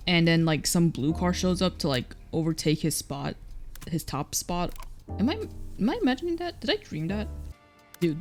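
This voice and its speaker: Low on energy and heavy on "like," a let's play streamer murmurs casual, wandering remarks while playing a painting game. The voice comes across as a little mellow.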